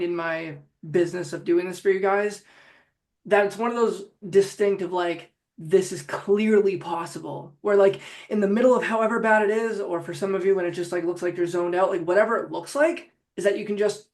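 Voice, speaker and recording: Rambling man coaching on a call. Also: high-pitched. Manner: loose, rambling, with many "like" fillers. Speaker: life coach hosting a group call. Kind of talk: casual group coaching talk.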